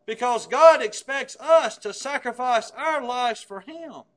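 A man with a very high voice delivers a sermon. He talks emphatically, punching some words hard and letting others fall away to a hush. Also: measured pace. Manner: emphatic, swings from loud stresses to hushed low phrases. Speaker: preacher.

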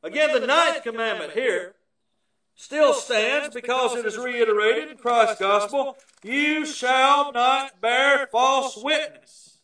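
A man preaching a sermon, emphatic and shifting from loud declarations to hushed asides. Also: very high-pitched. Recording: echoey, from far off the mic.

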